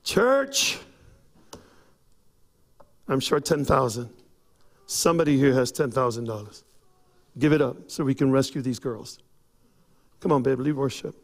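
A man preaching a sermon, telling a personal story with acted-out quotes and rising to shouts. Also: medium pitch, expressive, moderate pace. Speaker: pastor. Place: church.

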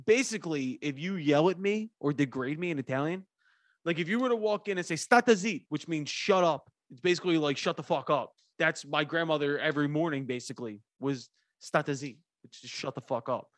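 A man's voice: a little high, brisk, no echo, studio quality. A man from Philadelphia hosting a podcast, telling stories in casual, profanity-laced chat. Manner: profane, storytelling. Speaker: podcast host.

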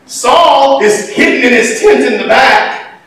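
A man preaching a sermon in folksy, animated storytelling style, breaking into sudden shouts. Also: extremely high pitch, slow, a little hiss or hum. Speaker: pastor. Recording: echoey hall, mic far off.

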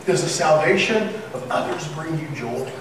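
A high-pitched man preaches a sermon with humor and sudden excited shouts. His voice rings through a very echoey church, picked up from some distance away. A faint background hum sits under him. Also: moderate pace, vocal fry. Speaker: pastor. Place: church sanctuary.

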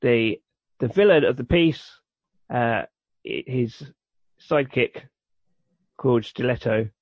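In a casual podcast chat, a UK co-host rambles enthusiastically while explaining a cartoon. He speaks slowly in a mid-range voice, captured in a dull, dry, lo-fi recording.

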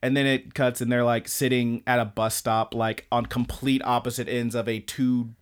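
A man's voice: mid-range voice, little pitch movement, normal speed, clear, resonant tone. Rambling male podcast co-host. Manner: rambling, loose retelling full of "blah, blah, blah" and crude jokes. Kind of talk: casual anime recap chat.

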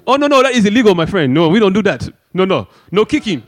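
A flustered, prim male warrior, put on by a man in a comic re-enactment, pitched up a notch above the speaker's own voice. He protests hard at a rule-breaker, and his voice stays lively and high. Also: quick pace.

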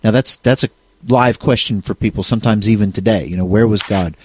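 A man co-hosts a casual discussion about faith, rambling with lots of restarts and fillers. His lowish voice is slightly rough and a little fast, with no echo.

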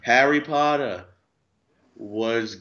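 A man hosts a casual podcast with crude jokes and rambling asides. His voice sits at an ordinary middle pitch. The recording sounds dull and lo-fi, with the highs cut off. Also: drawn-out words, fairly bright tone. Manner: crude, joking, rambling with fillers. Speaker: podcast host. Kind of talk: casual joking chat.

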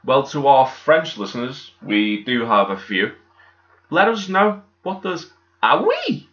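A man's voice: medium pitch, very animated, unhurried, a bit bright. A man, co-hosting a podcast in jokey, casual banter. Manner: jokey, does silly voices. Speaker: podcast co-host. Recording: echoey, dull-sounding room.

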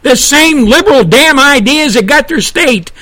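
A man's voice: very high voice, lively intonation, normal speed, pushed and bright. A man hosting a radio show, delivering a blunt, indignant, profane political rant. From Texas. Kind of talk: angry political radio monologue.

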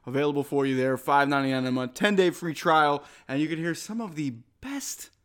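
A man with a fairly high voice, co-hosting in casual chat. He cracks jokes and banters in an animated way, with a commentator's quick patter. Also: clear, resonant tone. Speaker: co-host and wrestling commentator.

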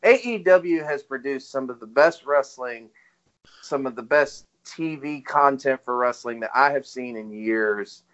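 A man's voice: medium pitch, unhurried, fairly bright tone. A man co-hosting a casual wrestling podcast, rambling, swearing and laughing as he retells what others said. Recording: dull lo-fi audio.

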